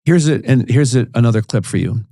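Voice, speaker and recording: A man co-hosting a casual podcast, mostly chiming in with short agreeing responses and talking quickly when he gets going. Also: medium pitch, lively intonation, dark tone, no room sound, studio quality. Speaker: podcast co-host.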